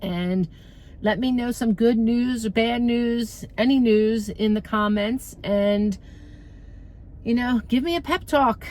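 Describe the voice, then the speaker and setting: A woman's voice: on the high side, takes it slowly, darkish tone. A middle-aged woman telling a frustrating story in a casual vlog, rambling and venting with many fillers, recorded outdoors by a street. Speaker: vlogger. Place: outdoors by a street, waiting for a ride.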